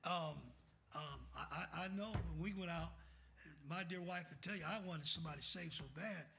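A middle-aged man preaching a fiery sermon as pastor. He calls out questions for the congregation to finish and swings from shouting to soft, quiet asides. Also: fairly high pitch, normal speed, gravelly, noisy background. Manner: calls out "what?" for the congregation to fill in scripture.

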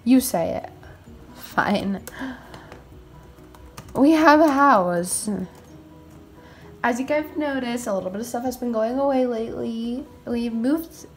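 A woman hosting a game roleplay video, talking casually and excitably as a mom, with frequent exclamations. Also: a little high, moderate pace, soft background music.

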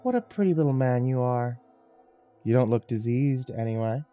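A man's voice: medium pitch, lively intonation, normal speed, dark tone, faint music behind, natural voice. A man voicing a big, fierce female raider warlord who mocks and bellows. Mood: mocking. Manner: bellowing, mocking.

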